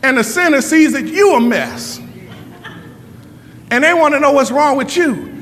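Pastor, male, high bright voice, fervent sermon with rapid-fire repeated questions, echoey church hall. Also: slight background noise.

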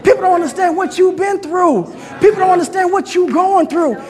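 A man preaching a fervent sermon to his congregation, calling out to them and often shouting. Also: very high-pitched, fairly quick, big-room sound. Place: church hall.

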